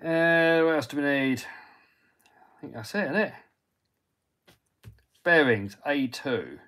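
A man's voice: on the high side, expressive, takes it slowly, sharp tone. Chatty man building a model kit. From United Kingdom. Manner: chatty, talks himself through each step and answers viewers. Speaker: RC hobby livestream host. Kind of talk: casual live-stream chat while building a model.

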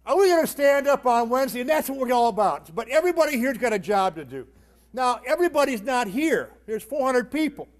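High-pitched, shouting union leader at rally. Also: male voice, lively intonation, fairly quick. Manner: rousing, often shouting, call-and-response with the crowd. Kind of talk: fiery rally speech. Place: organizing rally hall with a crowd. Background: faint crowd.

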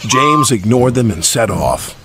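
A man narrating a children's railway story in a plain, steady storytelling way. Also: medium pitch, measured pace, very noisy. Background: background music.

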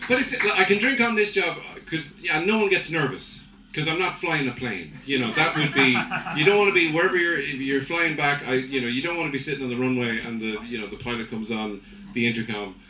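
Rambling, profane Irish comedian. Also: male voice, mid-range voice, fairly quick. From Ireland. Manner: rambling, profane, self-mocking. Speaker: stand-up comedian. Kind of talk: live stand-up comedy. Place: comedy club stage. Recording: roomy live club audio from a distance with background noise.

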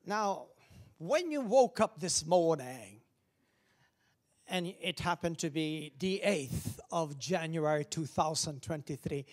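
A man preaching as pastor, animated, swinging from loud calls down to hushed whispers. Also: on the high side, slow pace. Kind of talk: lively sermon.

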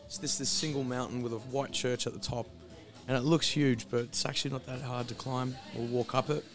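A man with a husky, gravelly voice chats loosely at an ordinary pitch, sounding hoarse as if his voice is still recovering. He rambles and swears freely, with a guitar playing clearly behind him. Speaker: live-streamer. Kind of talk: casual pre-stream chat. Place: hostel.

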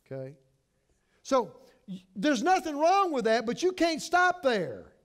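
High-voiced, lively man preaching. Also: measured pace. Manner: passionate preaching, swings from hushed to emphatic; repeats and restarts words. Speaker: pastor. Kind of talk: sermon.

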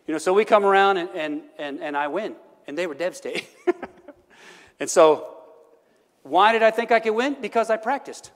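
A man's voice: a little high, a little fast. A middle-aged male pastor preaching a sermon, telling folksy stories, laughing often and checking in with "right?". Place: church sanctuary. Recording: church hall reverb.

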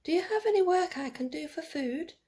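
A woman voicing a brave, kind-hearted boy hero in a read-aloud storybook, with a high, eager boyish voice. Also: animated, fairly quick, warm tone. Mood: small and polite.

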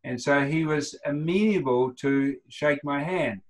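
A man's voice: on the high side, unhurried, low-quality recording. New Zealand man around seventy telling stories. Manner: rambling anecdotes, acts out quoted lines. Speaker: guest, retired runner. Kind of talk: casual storytelling interview.

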